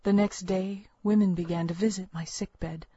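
A woman narrating a first-person story with a measured, earnest storytelling manner. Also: mid-range voice, fairly even intonation, dark tone, husky, no echo. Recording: dull, lo-fi, dry recording.

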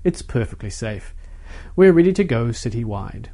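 A man's voice: medium pitch, very animated, normal speed, creaky, dark tone. Man doing a slick professor in a storybook, reassuring, dodges hard questions. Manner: reassuring, then defensive. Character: smooth, evasive male professor defending his invention.

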